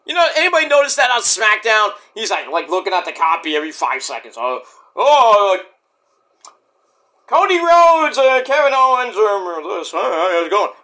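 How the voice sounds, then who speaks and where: A man ranting casually as a wrestling vlogger, rambling and animated, breaking into sudden shouts. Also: high-pitched, moderate pace.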